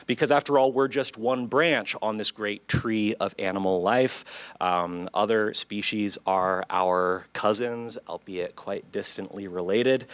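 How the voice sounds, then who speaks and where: A man who is a psychology professor, presenting his research at a conference in a clear, measured lecturing manner that engages the audience. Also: fairly low pitch, no room sound. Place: lecture hall.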